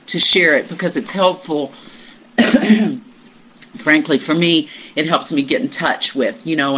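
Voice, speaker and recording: A group member sharing personal news in a meditation group, halting and reflective, with many pauses and fillers. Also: mid-range voice, bright, forceful tone. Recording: muffled recording with faint hiss.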